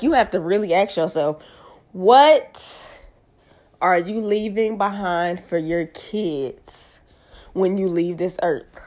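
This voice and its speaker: A woman's voice: fairly low pitch, darkish tone. A young woman with a stuffy nose from allergies hosts her own show in a casual monologue, making emphatic points, repeating them, and asking the audience directly. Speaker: show host.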